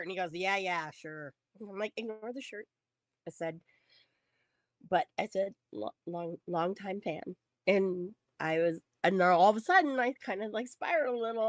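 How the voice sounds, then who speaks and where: A woman tells a story on a podcast, full of swearing and acted-out quotes. Her voice sits at a middle pitch. The sound is dry and close, with no room echo. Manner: animated, swears freely, acts out quotes. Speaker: podcast co-host. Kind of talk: casual storytelling with profanity.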